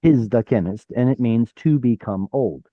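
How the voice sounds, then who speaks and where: A man's voice: mid-range voice, normal speed, no echo, phone-quality sound. A man teaching an online Hebrew class, explaining step by step, sounding out letters and correcting himself as he goes. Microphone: video call.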